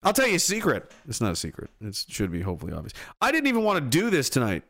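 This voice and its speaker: A man from Atlantic Canada reads chat messages on his livestream and launches into a rapid-fire, profanity-heavy rant. His pitch swings hugely as he moves between near shouting and low muttering.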